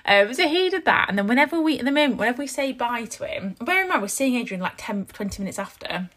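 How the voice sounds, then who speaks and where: A woman's voice: a little high, big pitch swings, quick pace, fairly bright tone. A young woman, chatting casually to viewers and telling a story at length, full of "like" and restarts. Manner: chatty, rambling, heavy use of "like". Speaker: mum vlogger.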